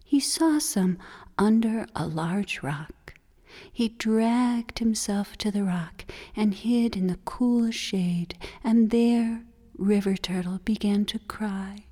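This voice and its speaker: A woman storyteller telling a folk tale for children, expressive, slipping into breathy whispers. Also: medium pitch, slow. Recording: long hall reverb.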